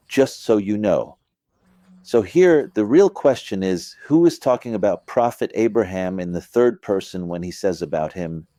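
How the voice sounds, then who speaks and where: A man's voice: lowish voice, mellow, dry recording. A middle-aged man giving an informal religious lesson, talking conversationally, checking in with listeners and acting out phrasings with emphasis. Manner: conversational, asks listeners "you get it?"; acts out phrasings with vocal emphasis. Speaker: religious teacher. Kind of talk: informal explanatory lecture.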